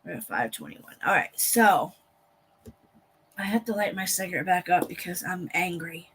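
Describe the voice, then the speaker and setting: A woman's voice: lowish voice, animated, moderate pace, fairly bright tone, slight background noise. A woman hosting a casual livestream reaction to a court broadcast, talking bluntly to her chat, venting indignantly and swearing often. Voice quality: blunt and profane, with frequent swearing. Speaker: livestream host.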